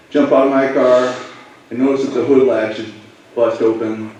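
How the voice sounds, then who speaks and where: A man, a police officer, telling students a personal story in a halting, emotional way. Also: medium pitch, steady tone, a little mellow, slight background noise. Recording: echoey room, voice from far off.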